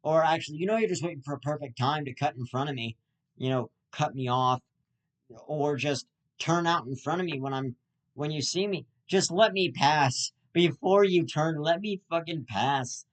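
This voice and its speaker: A man's voice: on the high side, moderate pace, rough recording. A man delivering a comic rant, angry and profane, often stammering and restarting his sentences. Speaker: comedic ranter.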